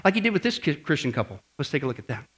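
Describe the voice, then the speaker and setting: A man's voice: on the high side, sing-song, very fast, noisy background. A male pastor preaching an emphatic sermon and quizzing the congregation.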